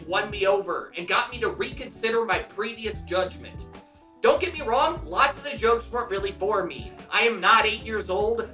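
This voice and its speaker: A man's voice: high-pitched, bright, forceful tone, far from the mic. A man co-hosting a podcast, reviewing a movie in a casual chat with profane, jokey enthusiasm. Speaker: podcast co-host.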